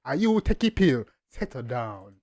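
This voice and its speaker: A man's voice: medium pitch, big pitch swings, a little slow, a little mellow. A young man with a Jamaican accent hosting a casual music reaction, bantering in patois with repeated "you see me" refrains. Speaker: reaction channel host.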